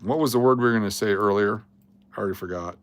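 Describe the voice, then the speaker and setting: A man's voice: lowish voice, quick pace. Blunt, joking man hosting a livestream. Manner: blunt, joking, rambling while reading the chat. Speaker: livestream host. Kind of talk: casual livestream chat.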